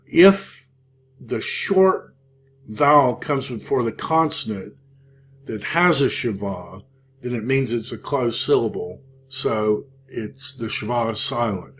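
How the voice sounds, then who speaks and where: A man teaching a Hebrew grammar class, talking slowly with many pauses and fillers. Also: medium pitch. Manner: slow, halting, many fillers. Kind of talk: classroom lecture.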